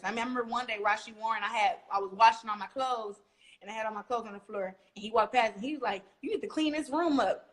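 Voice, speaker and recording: A young woman from Flint speaks in a relaxed interview, her voice sitting a little high. She tells stories with energy and acts out what other people said. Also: fast. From Flint, Michigan, USA. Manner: animated storytelling, acting out quotes. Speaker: guest boxer. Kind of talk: casual interview talk.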